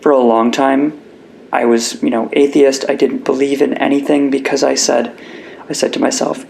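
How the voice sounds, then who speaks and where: A young man speaks as an interview guest, earnest and reflective. His voice is gravelly, at a middle pitch. A faint hiss of noise sits behind him. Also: level tone, moderate pace, a little mellow, low-quality recording. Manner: earnest and reflective, gets emotional. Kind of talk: candid personal interview.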